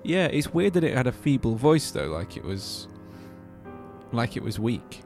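A man co-hosting a casual chat, quick to react and speculate. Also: medium pitch, big pitch swings, vocal fry, darkish tone, soft background music. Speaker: co-host.

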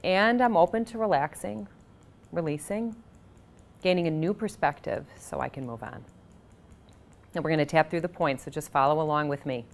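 A woman leading a guided tapping session, speaking in a calm, measured way and guiding the breathing with audible sighs. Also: deep voice.

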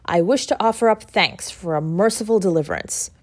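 A woman voicing a solemn, pious older gentleman who speaks in a grave, sermonising way in a read story. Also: medium pitch, a little fast, slightly rough, no echo, lightly acted.

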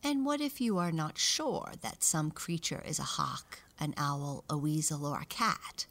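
A woman's voice: low-pitched, a little slow, a bit bright, full character voice. A woman doing a patient mother mouse. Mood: instructive.

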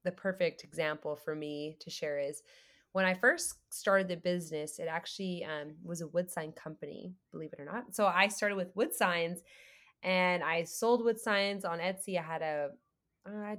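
Female guest, lowish voice, animated storyteller who acts out quotes. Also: moderate pace. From United States. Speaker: guest, creative entrepreneur. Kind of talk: faith podcast conversation.

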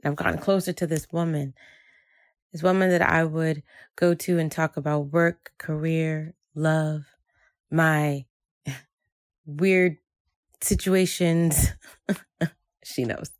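A woman's voice: low-pitched, steady tone, slow, pauses often, no echo, studio quality. A woman from Jersey City narrating a personal story in a reflective way, repeating phrases for emphasis. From Jersey City, United States.

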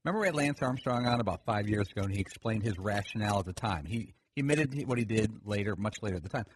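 A man's voice: lowish voice, animated, quick pace. A man co-hosting sports radio, explaining a point at length in a storytelling way. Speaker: radio show co-host. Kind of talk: sports talk radio discussion.

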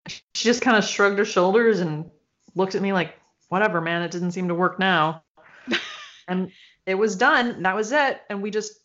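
A woman co-hosting a casual chat, telling a story in an animated way, swearing freely and acting out quoted voices. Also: medium pitch. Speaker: podcast co-host. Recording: dull, slightly lo-fi sound.

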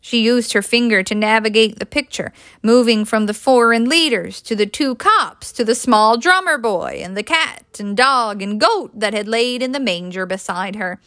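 Female audiobook reader, expressive delivery, fairly high, very dry. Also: moderate pace, no echo. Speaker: audiobook reader, published author. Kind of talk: audiobook narration.

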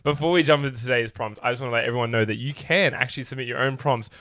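A man's voice: mid-range voice, racing, sharp tone, no echo, studio quality. A young man co-hosting a casual podcast, upbeat and easygoing as he leads into the topic. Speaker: podcast co-host.

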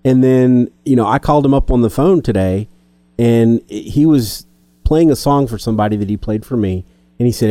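A man co-hosting a faith discussion, telling a story in an animated way. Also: mid-range voice, brisk, no room sound. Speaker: co-host.

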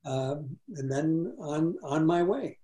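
A man, a former TV executive and author, answering interview questions in a relaxed, anecdotal way. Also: a little high, slow pace, reverberant.

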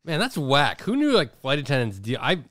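A man's voice: medium pitch, wildly swooping pitch, normal speed, fairly bright tone, dry recording, clean studio sound. A man hosting a casual podcast chat, reacting and swearing freely.

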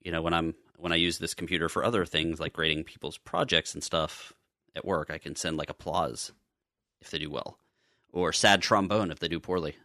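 A man co-hosts a podcast in relaxed, rambling chat, tossing in chuckling asides. His voice is deep with a bright, forward edge. The sound is dry and close. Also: fairly quick, no room sound. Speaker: podcast co-host. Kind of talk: casual chat.

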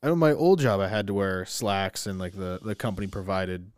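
A man's voice: sits low, brisk, clear, resonant tone, dry recording, clean studio sound. A man co-hosting a casual podcast chat, joking and laughing often. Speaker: podcast co-host.

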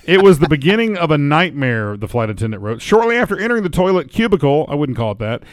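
A man's voice: a little high, sing-song, fast, no echo. A man co-hosting a podcast, chatting casually and reading news aloud while joking and restarting his sentences. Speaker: podcast co-host.

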